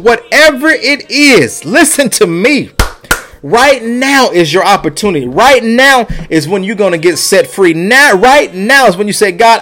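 A man's voice: high-pitched, fairly bright tone. A man preaching a sermon, pleading and repeating his lines with rising and falling intensity.

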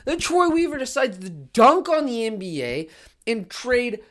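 A woman hosting a solo sports podcast, talking in an excitable, emphatic rant that keeps repeating its key phrases. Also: on the high side, measured pace.

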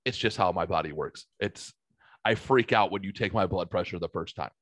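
A man with a lowish voice tells rambling, profane stories in a loose, animated way, like a host chatting with friends. The recording is dry and close, with no room sound. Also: fairly quick, dry recording. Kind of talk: casual storytelling chat.

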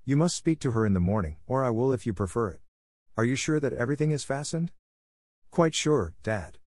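A man's voice: medium pitch, animated, fairly quick, a little mellow, no room sound, clean studio sound, voice pushed up, natural voice. A man reading an audiobook who voices a banker's anxious young daughter, lifting his voice for her careful lines.

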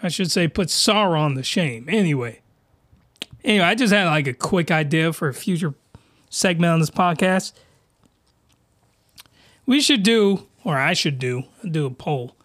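A man hosting a podcast, delivering an excitable, slangy, rambling comedic rant full of mockery. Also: on the high side, unhurried, long pauses, no room sound, studio quality. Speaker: podcast host reviewing anime.

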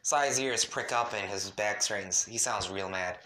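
A man's voice: low-pitched, fairly even intonation, normal speed, hardly any pauses, bright, forceful tone. A man reading a second-person fan story at home, his voice shaky from the cold, with stumbles and chatty asides. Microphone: home mic, cold room.

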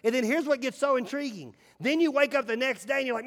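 A male pastor preaching a sermon in a church, emphatic, swinging between loud calls and hushed asides. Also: very high-pitched, expressive, quick pace, few pauses, in a large hall. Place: church sanctuary.

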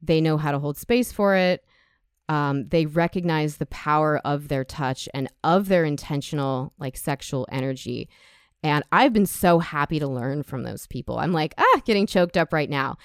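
Candid woman guest, smooth dry voice. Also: low-pitched, normal speed, no echo. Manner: candid, emotional, gets choked up. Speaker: podcast guest, sex educator. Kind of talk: casual podcast conversation.

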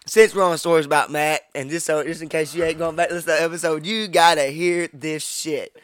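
A man's voice: on the high side, fairly even intonation, brisk, smooth, dry recording. A man co-hosting a podcast, telling a profane story in casual chat and acting out what people said. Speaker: podcast co-host.

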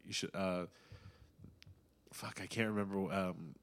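A young man in casual chat, rambling, swearing often and getting animated when excited. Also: low-pitched, measured pace.

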